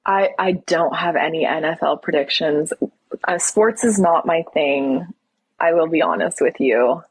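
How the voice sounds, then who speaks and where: A woman's voice: low-pitched, measured pace, breathy edge, no room sound, low-quality recording. A young woman from Toronto hosting a casual live stream, reading viewer questions aloud and answering them candidly. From Toronto, Canada. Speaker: livestream host.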